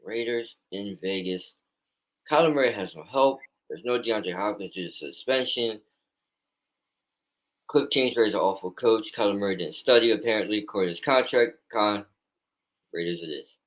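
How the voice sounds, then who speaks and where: Low-voiced excitable man talking football. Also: moderate pace, poor audio. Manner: blunt, excitable trash talk. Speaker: co-host. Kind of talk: casual sports picks chat.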